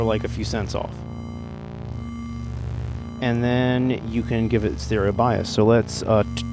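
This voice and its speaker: A man's voice: fairly low pitch, creaky. A man casually walking through a synthesizer demo, rambling and jokey, with the odd swear and silly put-on accents. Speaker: gear reviewer demonstrating a synth. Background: synthesizer tones playing.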